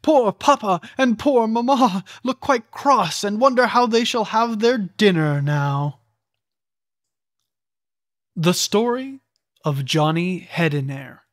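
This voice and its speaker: Storybook verse narration, slow unhurried pace, theatrical, dry close mic, middle pitch. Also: expressive, dry recording. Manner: deliberate, theatrical reading with voiced characters. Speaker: audiobook reader.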